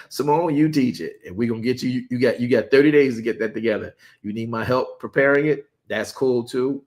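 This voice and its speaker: Male pastor, animated livestream preacher, repeats words, playful asides, mid-pitched voice. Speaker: pastor leading online Sabbath study. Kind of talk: lively sermon and livestream chat.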